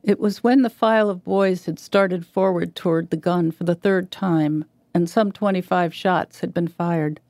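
A woman reading a literary short story aloud in a measured, even way. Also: on the low side, dry recording. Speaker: reader.

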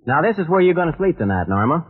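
An actor playing a calm, fatherly cowboy leader with a husky voice, firm and steady, in 1940s radio acting. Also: on the high side, fast talker, faint music behind. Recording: tinny old radio broadcast.

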